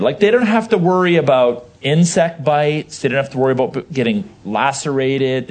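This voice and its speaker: A man teaching a Bible class, explaining verses with emphasis and putting questions to his listeners. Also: medium pitch. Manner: animated, emphatic, asks the audience questions.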